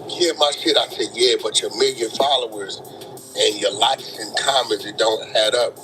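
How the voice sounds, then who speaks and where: Blunt, lecturing man, forceful bright voice, faint background noise. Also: on the low side, normal speed, rough recording. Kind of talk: casual talk.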